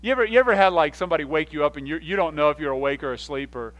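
A man preaching a sermon in a somewhat high voice, full of energy. He acts out the stories with quick voices and sudden loud bursts, and he often restarts his sentences. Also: poor audio. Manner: animated storyteller, acts out scenes with quick voices and sudden shouts; frequent restarts and repeated words. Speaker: pastor.

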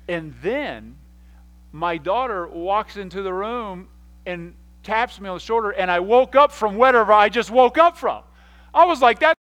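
Male pastor, fairly high-voiced, animated storyteller who acts out scenes, repeats words and restarts his sentences. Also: measured pace, low-quality recording. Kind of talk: sermon.

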